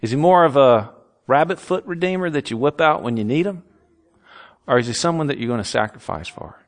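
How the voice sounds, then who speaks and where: A man preaching a sermon as pastor, earnest and emphatic, with self-mocking humorous asides. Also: a little high.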